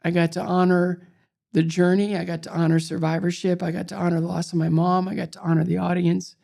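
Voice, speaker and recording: Gravelly older man telling stories. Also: high-pitched, a little fast. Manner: animated storyteller, acts out quoted voices. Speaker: interview guest, former figure skater. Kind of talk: storytelling in conversation.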